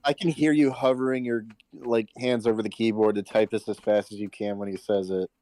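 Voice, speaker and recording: A man chatting casually on a live stream, making wry, deadpan jokes. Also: lowish voice, fairly quick, no echo, poor audio. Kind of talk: casual chat.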